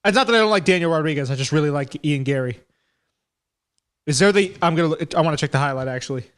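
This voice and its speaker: A man hosting a live commentary stream, chatting casually and talking to himself as he reacts, his voice going hoarse. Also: fairly high pitch, fast talker.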